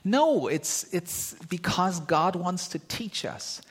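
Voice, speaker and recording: Pastor, male, slightly high voice, animated and humorous sermon delivery with audience banter. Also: takes it slowly, breathy edge. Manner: lively, joking, conversational preaching with rhetorical questions.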